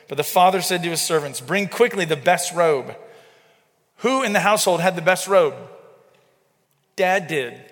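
A man's voice: a little high, fairly bright tone. A man in his thirties preaching a sermon, conversational and often checking in with the congregation. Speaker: pastor. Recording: reverberant hall.

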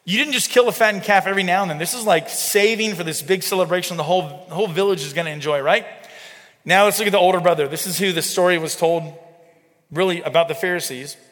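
A man's voice: high voice, quick pace, a bit bright. Man preaching in a reverberant hall. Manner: conversational, checks in with the congregation. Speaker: pastor. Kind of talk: sermon.

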